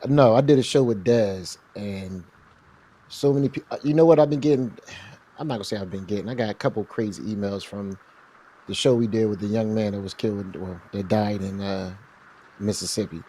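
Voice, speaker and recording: Male guest, deep warm voice, relaxed and slangy, casual chat. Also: a little fast. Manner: laid-back, slangy, talks loosely. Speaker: guest co-host. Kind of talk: casual online show chat.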